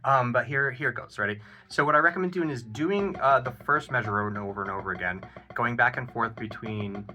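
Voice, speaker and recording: A man giving a casual drum lesson, counting beats aloud and explaining an exercise in a relaxed, encouraging way with plenty of ums and uhs. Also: mid-range voice, brisk. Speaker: drum teacher. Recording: loud drum playing behind the voice. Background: drum kit playing.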